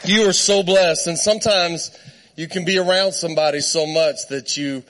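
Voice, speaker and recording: A man preaching in church, telling a funny story with lots of laughter and animated quoted voices. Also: on the high side, moderate pace. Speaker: guest preacher. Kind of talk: storytelling sermon.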